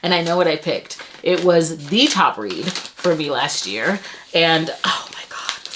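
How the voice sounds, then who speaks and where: A woman's voice: fairly low pitch, very animated, a little slow, fairly bright tone, a little hiss or hum. A young adult woman vlogging as she unboxes book mail, gushing with breathless exclamations and stumbling over her words. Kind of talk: excited unboxing chat.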